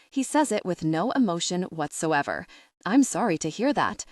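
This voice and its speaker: A woman's voice: fairly low pitch, big pitch swings, moderate pace, a little mellow, dry recording, studio quality. A woman narrating a first-person romance audiobook, reading both sides of the dialogue with light shifts.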